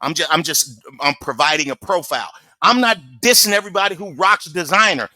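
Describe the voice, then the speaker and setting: Reacting to footage on video, this man sounds preachy and forceful, with "come on" cropping up again and again. His pitch sits on the high side, his delivery is brisk, and the tone is pushed and bright in an echo-free recording.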